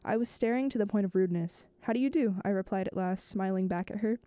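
A female host reads a novel aloud slowly and deliberately, now and then stumbling and going back over a phrase. The voice is mid-range, dark, clear and resonant, recorded with no room sound.

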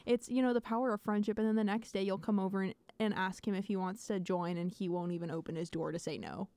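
A woman's voice: medium pitch, steady tone, fast, warm tone, dry recording. A young woman hosting a casual podcast. She teases her co-host playfully and laughs easily. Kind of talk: casual chat.

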